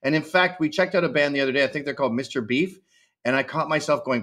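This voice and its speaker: A man's voice: on the high side, fairly even intonation, fast talker, a bit bright. A Canadian man speaking as a podcast guest on a remote call, blunt, provocative and joking in casual conversation.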